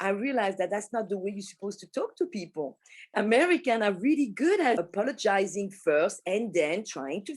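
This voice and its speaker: A woman from France with a French accent, telling personal work stories in a casual, animated way, laughing often and swearing freely. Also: fairly high pitch. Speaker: pastry shop manager and teacher.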